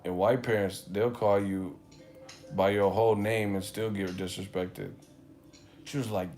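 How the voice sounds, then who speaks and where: A man's voice: fairly low pitch, fairly even intonation, measured pace, darkish tone. A man hosting a live stream, telling stories in a loose, profane, laughing way. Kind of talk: casual chat.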